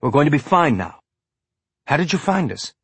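Steady, reassuring captain, read by a man, low and careful delivery, husky edge. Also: normal speed, no room sound, heavily acted.

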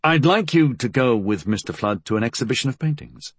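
A man voicing a curt, brooding middle-aged shopkeeper who speaks in clipped lines, with a husky voice. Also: mid-range voice, animated, brisk, no echo.

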